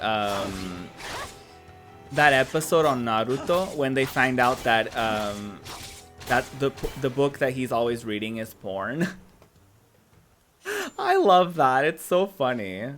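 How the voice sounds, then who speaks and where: A man's voice: mid-range voice, animated, a little slow, a bit bright, soft background music. A man chatting casually while streaming a game, filled with "like" and laughs. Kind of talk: casual gameplay commentary.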